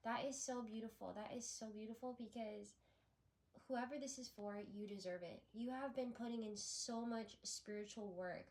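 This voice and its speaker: A woman's voice: fairly high pitch, fairly even intonation, normal speed, a little mellow. A woman doing a spiritual tarot reading, talking in a rambling, effusive way with frequent restarts. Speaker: tarot reader.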